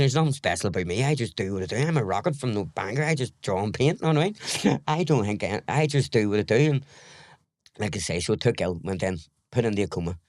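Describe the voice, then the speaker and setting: A man's voice: fairly low pitch, darkish tone, no room sound. A middle-aged man with a Northern Irish accent, talking frankly and at length as a podcast guest, rambling through his story and acting out old conversations. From Northern Ireland. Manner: rambling, frank, swears, retells scenes in dialogue. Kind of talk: candid interview storytelling.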